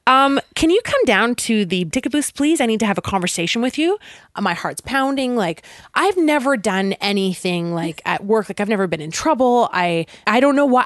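A young woman telling a story in casual chat, animated and laughing, full of "like". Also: a little high, no echo, studio quality. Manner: animated, laughing, lots of "like" fillers.

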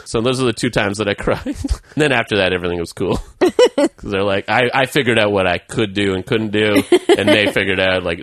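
A man tells a self-deprecating story on a podcast, rambling through fillers and chuckles. His pitch swings a lot. The sound is dry and close. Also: big pitch swings, a little fast, a bit bright, dry recording. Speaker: podcast co-host. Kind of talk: casual storytelling.

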